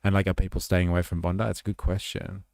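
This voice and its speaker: Deep gravelly Australian man streaming. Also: flat delivery, quick pace, darkish tone, dry recording, clean studio sound. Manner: rambling, swears casually. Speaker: livestream host. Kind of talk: casual commentary stream.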